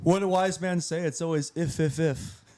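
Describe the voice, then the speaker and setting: A man with a somewhat high voice talks hockey in a loose, bantering way during a live game broadcast. He teases his co-host, cracks jokes and laughs a lot as the game plays on. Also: fairly even intonation, moderate pace, warm tone. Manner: joking, teasing, laughs often. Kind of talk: casual sports chat while watching a live game.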